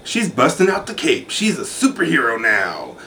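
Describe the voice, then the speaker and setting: A man's voice: medium pitch, wildly swooping pitch, normal speed, pushed and bright, a little hiss or hum. A man giving a sassy, catty recap of a reality show in a campy, sarcastic manner.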